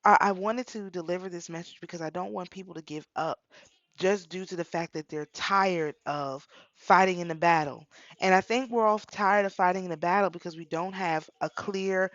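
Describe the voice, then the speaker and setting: A woman's voice: on the low side, fairly even intonation, moderate pace, dry recording, dull audio. A middle-aged woman talking casually about spiritual practice, telling a personal story with repeated phrases. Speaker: spiritual channel host.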